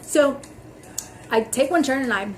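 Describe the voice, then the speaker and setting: A woman's voice: sits high, a little slow. A young woman ranting casually to her camera as a vlogger, rambling with lots of "like" and "freaking" and acting out the other people in her stories. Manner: animated storytelling, acting out others' lines.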